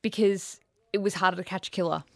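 A woman co-hosting a casual chat, playful and quick to laugh and tease. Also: lowish voice, steady tone, vocal fry, a little mellow, no room sound, clean studio sound. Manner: playful, laughs easily, teasing interjections. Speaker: podcast co-host.

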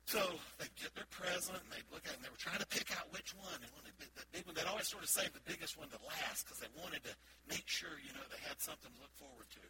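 High-voiced man preaching, playful storyteller. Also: fast, few pauses, heavy background noise. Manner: playful, animated storytelling with acted-out bits. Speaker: pastor. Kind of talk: sermon. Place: church sanctuary. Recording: loud background ambience.

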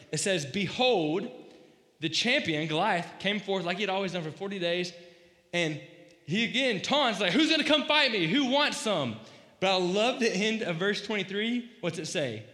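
A man giving a casual, animated sermon, joking and acting out quoted lines as he retells a story. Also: high voice. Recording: echoey hall, voice slightly distant.

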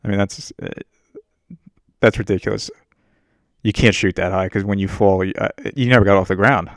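A man's voice: fairly low pitch, fairly even intonation, moderate pace, no room sound, studio quality. A man hosting a casual podcast, ranting about a movie in a crude, rambling and self-mocking way. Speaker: podcast host. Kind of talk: casual profane movie rant. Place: home setup while on a muted work meeting.

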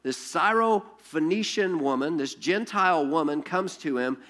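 A pastor delivers a sermon in a lively storytelling manner, peppering his talk with rhetorical questions and quick restarts. His voice is a man's, pitched a little high.

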